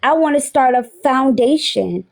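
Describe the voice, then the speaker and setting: A woman's voice: sits high, lively intonation, a little slow, vocal fry. A woman from the United States, speaking directly and sassily as a panel speaker in a heated talk. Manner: sassy, direct. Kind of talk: heated casual chat.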